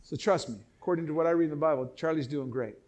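Middle-aged guy preaching hard, pretty high voice, keeps restarting his sentences. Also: quick pace, a little mellow. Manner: emphatic, impassioned preaching with repeated restarts. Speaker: pastor. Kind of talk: sermon, reading and explaining scripture.

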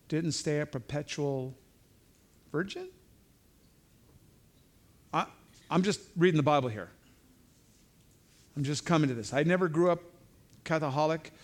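A man's voice: on the high side, lively intonation, slow, long pauses. A man giving an informal verse-by-verse Bible teaching, talking conversationally with frequent asides and restarts.

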